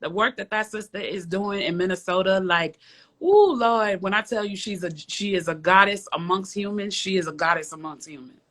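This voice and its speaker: Bright-voiced emphatic woman storyteller. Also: medium pitch, moderate pace. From south side of Chicago. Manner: emphatic, repeats phrases for effect, frank and profane. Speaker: guest. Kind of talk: casual interview chat, storytelling.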